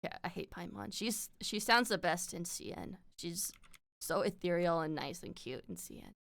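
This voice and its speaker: A woman's voice: on the low side, moderate pace, vocal fry, fairly bright tone. A woman streamer chatting casually on a streaming mic, laughing often and swearing freely. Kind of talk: casual chat. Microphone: streaming mic with compressor.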